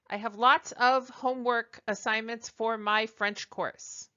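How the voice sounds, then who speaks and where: Slow, deliberate woman teaching French. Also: on the high side, steady tone, pushed and bright, smooth, highs cut off. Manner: slow, deliberate, with frequent ums and uhs; models French phrases for repetition. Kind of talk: recorded video lesson.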